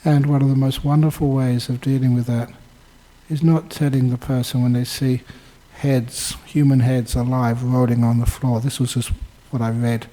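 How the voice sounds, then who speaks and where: An older man, a Buddhist monk, giving a dharma talk with lively storytelling and chuckles. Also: mid-range voice, normal speed, poor audio. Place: Buddhist centre.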